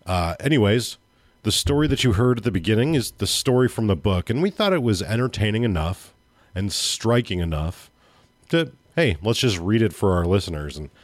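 Brief: male podcast host, low voice, steady and expressive dramatic reading. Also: normal speed, no room sound.

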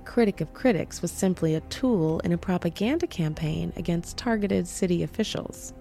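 A woman with a lowish, mellow voice narrates a true-crime tale from a script. She slips in wry personal asides along the way, and faint music plays under her. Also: moderate pace, creaky. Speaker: podcast host.

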